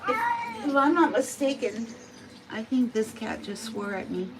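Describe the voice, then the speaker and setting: A woman's voice: high voice, big pitch swings, measured pace, very noisy. A woman cat groomer chatting and cooing to a cat she is bathing in a grooming salon. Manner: chatty, sing-song, talks to the cat. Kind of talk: casual talk while bathing a cat. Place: grooming salon bath area, indoors.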